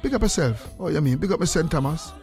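Older jamaican man, radio host, animated patois chat, fairly high voice, soft music behind. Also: fast, vocal fry. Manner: animated, laughing, patois-heavy storytelling. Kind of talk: casual radio chat with callers.

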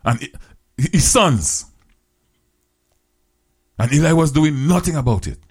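A man's voice: a little high, expressive, darkish tone, husky. Man preaching a retold Bible story. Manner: retells scripture in plain creole-flavored English, with repetitions; drops to slow, drawn-out words for scripture quotes. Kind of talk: storytelling sermon.

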